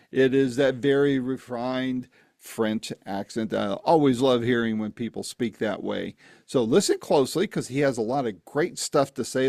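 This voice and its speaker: A man's voice: mid-range voice, darkish tone, dry recording, clean studio sound. A man hosting an interview podcast, talking in a friendly, folksy and chatty way. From Southern United States. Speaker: host.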